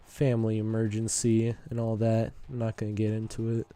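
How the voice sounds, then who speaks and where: A man's voice: on the low side, monotone, a little fast, warm tone. A teenage boy streamer telling a casual, rambling story, full of fillers and asides.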